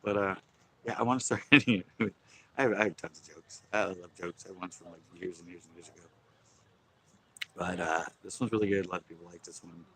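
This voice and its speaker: A man's voice: sits low, fairly even intonation, quick pace, sharp tone, slightly rough, poor audio. A man hosting a casual fishing live stream outdoors on a pier, rambling and chuckling as he talks. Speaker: fishing livestream host.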